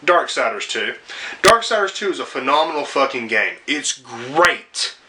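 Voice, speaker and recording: A man's voice: medium pitch, sing-song, brisk, pushed and bright, slight background noise. A young man delivering a profane, sarcastic rant as a video game reviewer, with frequent swearing and exasperated asides. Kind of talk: ranting commentary video.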